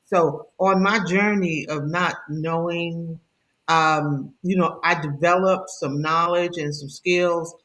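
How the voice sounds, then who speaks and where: A middle-aged woman with a faint Brooklyn accent, a guest chatting warmly in a live podcast interview and often restarting her sentences. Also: lowish voice, steady tone, slow. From Brooklyn, New York. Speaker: guest author and therapist.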